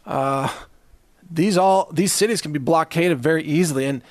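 A man's voice: a little high, moderate pace, no room sound. A man from the Southern US hosting a ranting monologue, sarcastic and chuckling between jabs. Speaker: host.

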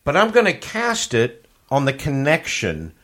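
A man's voice: a little high, huge pitch swings, measured pace, fairly bright tone. A man playing a tabletop game, eager and playful. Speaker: player.

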